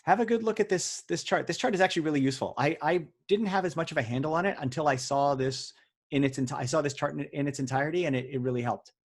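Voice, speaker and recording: Quiz host, male, slightly higher voice, jokey and teasing, heard over a video call. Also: fast talker. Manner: joking, teasing, chatty. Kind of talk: hosting a live online word quiz. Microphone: video call audio.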